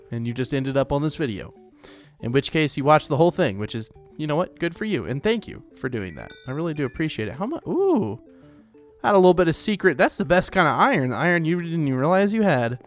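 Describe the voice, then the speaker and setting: A young man from Oklahoma with an Oklahoman accent talks through his gameplay in a chatty, rambling, self-deprecating way. His voice sits a little high for a man. Faint music plays behind him. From Oklahoma, United States. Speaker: let's play host. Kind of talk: casual gameplay commentary.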